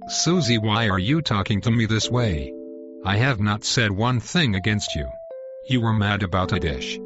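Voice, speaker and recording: An actor playing a calm, hurt husband who explains himself in a measured, pleading way, in a muffled recording with music underneath. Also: male voice, on the low side, lightly acted. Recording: muffled sound with music behind.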